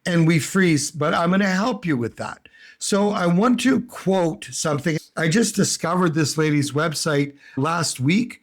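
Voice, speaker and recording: A man's voice: fairly high pitch, lively intonation, measured pace. A man coaching English learners in a casual, emphatic talk, often repeating his key points. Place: home in Brazil.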